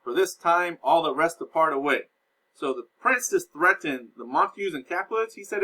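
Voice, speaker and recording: A man's voice: fairly high pitch, expressive, moderate pace, pushed and bright, poor audio. A man teaching a class, recapping a play in a casual, explaining way and paraphrasing its lines in everyday speech.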